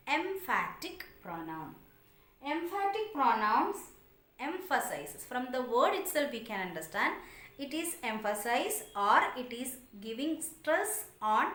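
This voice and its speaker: A woman gives a grammar lesson at an unhurried pace, her fairly high voice rising and falling as she checks in with her students. Her English phrasing is non-native, and the sound carries a noticeable room echo. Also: fairly bright tone. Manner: patient, asks students questions, repeats examples.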